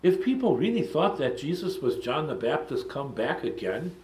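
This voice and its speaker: A man leads a Bible study in a lecture style, at a mid-range pitch. He muses along, stops for frequent ums and wanders into asides. His voice rings back from a roomy, echoey space. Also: sing-song, normal speed, darkish tone.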